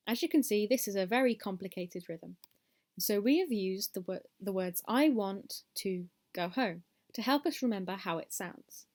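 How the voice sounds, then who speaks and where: A woman's voice: medium pitch, darkish tone. A woman teaching a music lesson step by step, counting beats aloud and encouraging the class.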